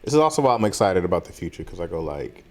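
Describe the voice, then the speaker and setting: A man co-hosting a podcast in casual chat, animated and laughing often, breaking into beatboxing sounds. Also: deep voice, very fast. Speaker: podcast co-host.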